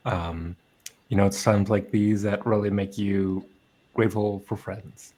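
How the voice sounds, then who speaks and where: A man's voice: on the low side, flat delivery, measured pace, mellow. A man introducing himself as a player on a tabletop stream, easygoing and friendly. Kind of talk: casual stream chat.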